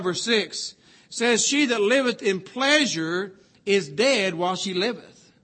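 Guy preaching, really high voice, bright and sharp, leans hard on repeated lines. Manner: earnest, repeats key phrases with slow emphasis. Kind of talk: sermon.

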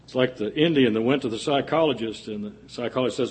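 A man's voice: mid-range voice, quick pace, a little mellow. A male preacher giving an earnest sermon, with folksy jokes and asides to the congregation.

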